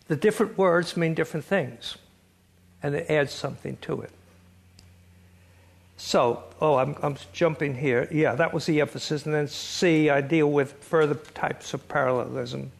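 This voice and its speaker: Older guy lecturing to a class, gravelly voice, kinda high, chuckles a lot. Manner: wry, chuckling storyteller, reads quotes aloud. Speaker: lecturer on biblical poetry.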